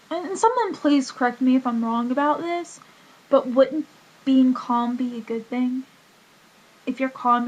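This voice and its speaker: A woman's voice: high-pitched, dull audio. A young woman vlogging casually about a doctor's visit, rambling with many fillers and restarts. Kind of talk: casual health vlog.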